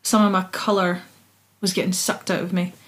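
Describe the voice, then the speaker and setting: A woman's voice: lowish voice, little pitch movement, fairly quick. A young Scottish woman, a singer-songwriter, chatting expressively as a guest in an interview and laughing easily. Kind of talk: casual interview chat.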